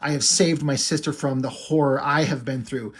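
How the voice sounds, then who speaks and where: A man voicing a weary, tormented male hero warrior, speaking a quiet, brooding inner monologue in a husky voice. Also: medium pitch, fairly even intonation, moderate pace, lightly acted.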